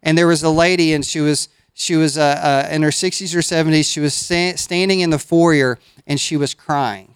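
A man's voice: on the high side, steady tone, normal speed, few pauses, clean tone, dry recording, clean studio sound. A man preaching a sermon, breaking into folksy asides. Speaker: pastor.

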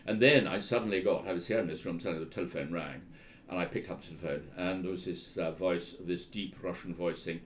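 Deep-voiced hesitant male historian. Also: fast, slight background noise. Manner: hesitant, full of ums and restarts, wry. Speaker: historian and author. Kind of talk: anecdotal interview storytelling.

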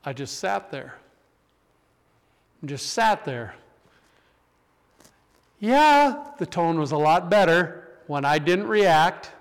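Male preacher, high and clear-voiced, animated storyteller; sermon in a reverberant hall. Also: takes it slowly, pauses often. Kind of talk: sermon with personal stories.

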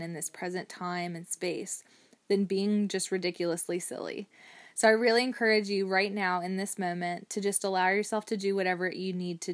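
A woman hosting a mindfulness podcast, talking in a gently encouraging way with the odd um. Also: on the low side, dry recording. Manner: gently encouraging, with occasional ums. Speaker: podcast host.

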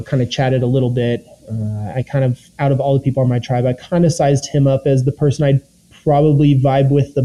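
A young man recalls his time on a competition show in a loose, rambling way, full of ums and quoted asides. His voice is deeply mellow and warm, with a middling pitch. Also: poor audio. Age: young adult. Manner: rambling, filler-heavy, quotes his own thoughts. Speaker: former reality competition contestant. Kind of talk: casual recounting in an interview.

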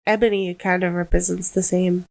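A tired, yawning woman in a casual chat, reading quotes aloud in an easygoing, deliberate way. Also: fairly low pitch, little pitch movement, creaky, slight background noise, low-quality recording.

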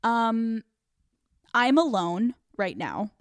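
A woman's voice: fairly high pitch, very animated, extremely slow, no echo. A young woman hosting a podcast in a casual confessional monologue, speaking candidly, swearing freely and laughing often mid-sentence. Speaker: podcast host.

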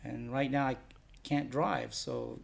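In a casual interview, a man who runs a DVD label talks bluntly and rambles, swearing freely. His medium-pitched voice is slow and creaky, with huge swings in pitch.

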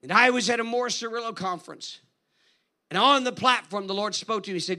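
Bright, high-voiced man preaching a sermon. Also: brisk. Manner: animated, conversational storytelling. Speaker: guest preacher. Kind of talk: sermon storytelling.

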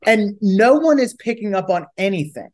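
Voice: medium pitch, sing-song, moderate pace, a little mellow. A podcast co-host recapping a book in casual chat, reading quotes aloud and then questioning them.

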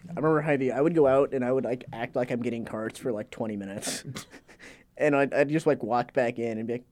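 Man, co-host, casual, joking, profane, mid pitch. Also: fast talker, a little mellow, a little hiss or hum. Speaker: podcast co-host. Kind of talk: casual chat.

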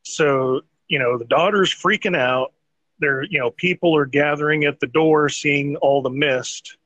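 A man's voice: on the high side, unhurried, a bit bright, dry recording, lo-fi sound. Casual profane podcast host man. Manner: rambling, profane, laughs mid-sentence. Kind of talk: casual chat recapping a TV show.

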